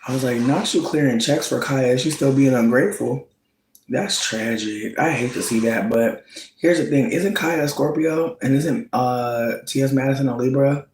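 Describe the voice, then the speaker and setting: A man chatting casually, gossiping about reality TV in a slangy, campy style. His voice swings into high squeals when he quotes reactions. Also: normal speed, a little mellow, echoey room, slight background noise, low-quality recording. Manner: slangy, campy storytelling with frequent "bitch" and "like". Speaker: vlogger.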